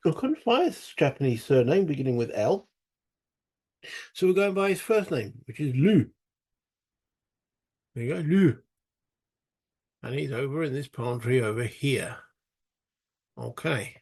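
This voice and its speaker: A man's voice: medium pitch, animated, a little slow, pauses often, a little mellow, breathy edge. A British man narrating a solo tabletop wargame playthrough, chatting and thinking aloud as he goes, with self-mocking asides. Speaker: solo board game player.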